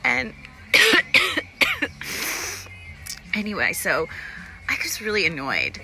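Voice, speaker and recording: A woman chatting casually on a home live stream, rambling and animated, greeting viewers by name. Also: fairly low pitch, moderate pace, loud music behind the voice. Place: at home, in a room with a window.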